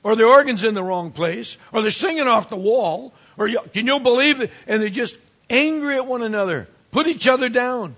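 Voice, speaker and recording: A man who is a pastor, preaching a sermon with animated swings from quiet asides to emphatic rises. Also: extremely high pitch, moderate pace, lo-fi sound.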